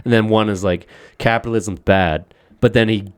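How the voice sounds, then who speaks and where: Man, podcast co-host, profane rant, low voice, dry close recording. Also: fairly even intonation, fast, a little mellow, no echo. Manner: profane, ranting, laughs often. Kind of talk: casual podcast chat.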